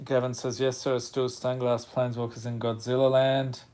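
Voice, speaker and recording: On a casual live stream, a Chicago-accented man reads out names from a card-pack opening one after another, then talks with his audience. His voice is medium in pitch and his pace moderate.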